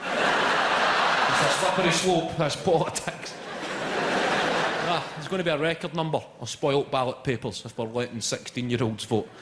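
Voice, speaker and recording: A Scottish stand-up comic telling lively stories on a big theatre stage. His voice sits a little high for a man and rings through the echoing hall. Loud audience laughter rolls under him. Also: moderate pace, pauses often, noisy background. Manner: animated storytelling, laughs at own jokes. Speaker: stand-up comedian. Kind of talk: live stand-up routine.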